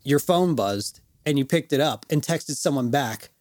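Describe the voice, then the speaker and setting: A man's voice: mid-range voice, expressive, moderate pace, darkish tone, no echo, studio quality. A man co-hosting a podcast, telling a story in casual chat, swearing, laughing and acting out other people's lines. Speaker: podcast co-host.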